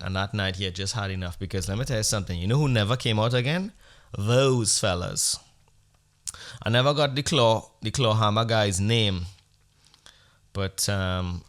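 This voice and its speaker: A man's voice: fairly low pitch, a bit bright. A man hosting a podcast, telling a comedic story in a rambling, profane, mock-earnest way. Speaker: podcast host.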